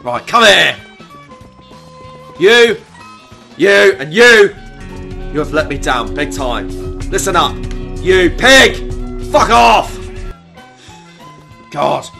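A man's voice: medium pitch, moderate pace, vocal fry, sharp tone, faint music behind. A man doing a swearing furious chef. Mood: barking. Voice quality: constant swearing, exasperated sighs. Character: foul-mouthed furious male celebrity chef. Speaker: gamer doing a parody voice. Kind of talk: comedic gameplay commentary.

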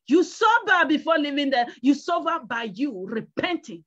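A high-pitched woman evangelist preaches a sermon, driving her points home through repetition and pleading exhortation. The recording sounds dull and lo-fi. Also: very animated, normal speed, hardly any pauses, a bit bright.

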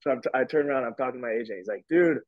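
Racing along at medium pitch, a man in his twenties tells a story as a podcast guest. His manner is casual, loose and meandering, heavy with "like" and "whatever." There's no room sound; the recording is dull, lo-fi and dry.

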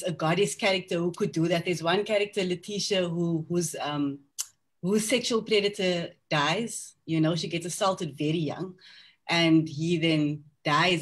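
A woman author on a panel discussion, speaking candidly and reflectively about her novel, with frequent ums and restarts. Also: fairly low pitch. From South Africa.

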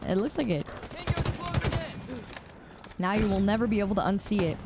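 A young woman with a mid-range voice talks at normal speed during a shooter game stream. Her live chat is casual and full of laughter, and she greets viewers by name. The audio is noisy, with clicks in the background.

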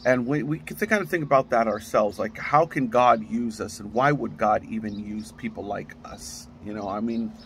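A man's voice: on the low side, normal speed, gravelly, hardly any pauses, a bit bright, a little hiss or hum. A man teaching a casual Bible study, talking in a loose, conversational way with frequent restarts.

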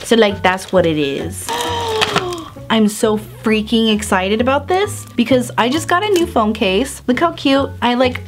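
A woman's voice: fairly high pitch, sing-song, unhurried, over music. A young woman hosting her own vlog, gushing and gasping through a casual unboxing chat, full of fillers. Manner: bubbly and gushing, gasping often, filler-heavy with "like". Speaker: vlogger host.

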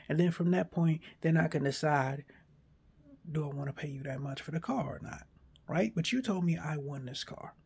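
Gravelly, animated man arguing a point. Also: a little high, brisk. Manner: animated, argumentative, acts out imagined dialogue. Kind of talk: casual monologue to camera.

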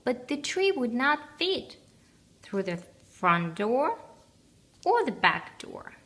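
Woman reading a picture book aloud: very slow, expressive, higher voice. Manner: expressive, gently animated reading. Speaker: storybook reader.

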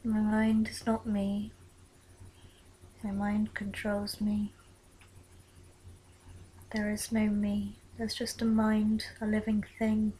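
A young woman in a confessional vlog, talking in a soft, halting whisper at night in her bedroom. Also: medium pitch, monotone, breathy edge, rough recording. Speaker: vlogger.

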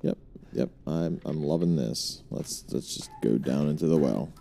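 A man's voice: rumbling low, a little slow, gravelly, warm tone, slight background noise. A young man streaming a horror game, talking to his chat, swearing and jumpy. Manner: swearing, jumpy, chatty with viewers. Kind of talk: live horror game commentary.

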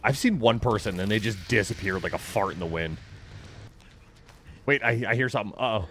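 A man giving casual, jokey commentary while playing a horror game, getting excited and shouting at teammates. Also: lowish voice, fairly quick, slight background noise. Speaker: gamer.

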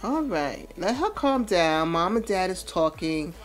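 A woman's voice: fairly low pitch, big pitch swings, measured pace, faint music behind. A woman giving casual let's-play commentary, chatting about what her game characters feel. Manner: chatty, narrates characters' feelings. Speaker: gameplay commentator.

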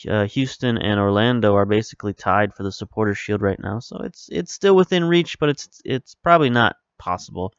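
A man's voice: on the low side, fairly quick, hardly any pauses, clear, resonant tone, no room sound, highs cut off. A man hosting a video game series, talking casually and rambling through his thoughts, often stopping to correct himself. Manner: rambling, self-correcting, relaxed. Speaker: video game let's-play host. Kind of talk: casual commentary over gameplay.

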